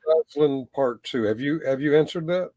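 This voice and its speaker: A man hosting a casual chat show, halting and filling gaps with ums. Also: fairly high pitch, mellow, no echo. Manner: halting, many ums and uhs. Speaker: host. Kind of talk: casual banter.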